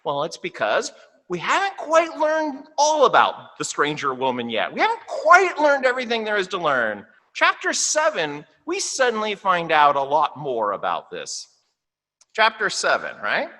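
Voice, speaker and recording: A man preaching a sermon in a church. He talks in a conversational way, often asks "right?", and slows down to read scripture. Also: sits high, wildly swooping pitch, pushed and bright. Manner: reads scripture slowly and deliberately. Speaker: pastor. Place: church sanctuary. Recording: long hall reverb in a church.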